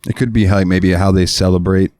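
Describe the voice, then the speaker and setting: A man with a notably low voice co-hosts a casual podcast. He jokes around easily and reads listener questions aloud. The recording is dry and close. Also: little pitch movement, brisk, a little mellow, dry recording. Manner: laid-back, joking, reads listener questions. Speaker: podcast co-host. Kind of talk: casual chat.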